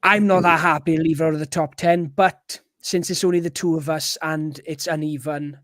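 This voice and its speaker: A man's voice: fairly high pitch, steady tone, moderate pace, fairly bright tone, no room sound, clean studio sound. A man co-hosting a casual podcast chat, upbeat and enthusiastic. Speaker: co-host.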